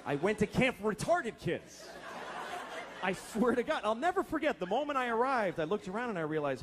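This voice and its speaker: Profane comedian, lively and exasperated. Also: male voice, high-pitched, crowd noise. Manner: profane, exasperated, acts out characters in quick asides. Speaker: stand-up comedian. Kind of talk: stand-up routine. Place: comedy club stage with laughing audience. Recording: live club recording with audience noise. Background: audience laughter.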